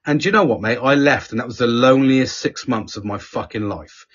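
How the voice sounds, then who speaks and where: A man's voice: mid-range voice, brisk, slightly rough. A man telling personal stories in a candid conversational chat. He swears constantly and often restarts his sentences. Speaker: podcast guest speaker. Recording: dull lo-fi audio.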